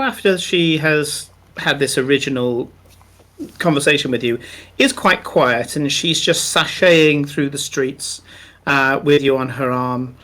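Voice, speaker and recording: A man running a tabletop game, narrating scenes in a slow, unhurried way. His voice is bright and sits a bit high for a man, and he fills pauses with plenty of ums and uhs. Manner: descriptive, unhurried, many fillers. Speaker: game master.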